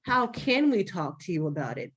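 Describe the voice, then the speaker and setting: A young adult woman hosting a podcast, talking frankly and with some profanity in an animated, storytelling way. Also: on the low side, normal speed, slightly rough. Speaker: podcast host. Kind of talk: candid podcast conversation.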